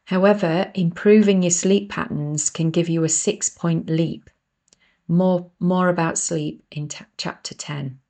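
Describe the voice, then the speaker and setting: Woman, low voice, reading her own book aloud, podcast, earnest, chatty asides. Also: steady tone, measured pace, warm tone. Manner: earnest, addresses listeners as folks, self-deprecating asides. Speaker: author and podcast host.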